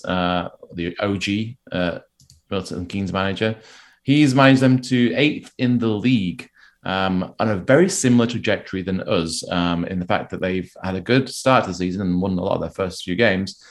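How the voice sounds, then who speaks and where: A man talks football in a loose, chatty way. He pokes fun at himself and laughs easily between his points. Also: low voice. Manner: chatty, self-deprecating, laughs often. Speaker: podcast co-host. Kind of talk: casual football podcast chat.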